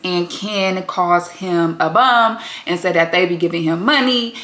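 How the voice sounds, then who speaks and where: A woman's voice: medium pitch, normal speed, hardly any pauses, sharp tone, reverberant. A woman giving a blunt, sassy, casual recap commentary and swearing freely. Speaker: recap vlogger.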